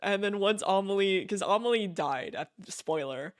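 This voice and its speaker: A man's voice: high-pitched, animated, moderate pace, no echo, clean studio sound. A man live-streaming a video game, chatting casually in a gushing, giggly way and repeating himself.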